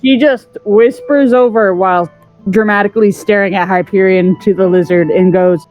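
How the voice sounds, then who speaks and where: A woman playing in a tabletop game over an online voice call, unhurried and giggly. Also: mid-range voice, fairly even intonation, highs cut off, faint music behind. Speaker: player.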